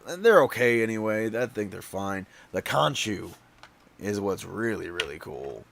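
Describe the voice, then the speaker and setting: A man's voice: on the low side, sing-song, unhurried, vocal fry, fairly bright tone. Tired, stuffy man rambling on stream. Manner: tired, rambling with many fillers and restarts. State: stuffy and out of breath. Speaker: livestream host. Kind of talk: casual livestream chat.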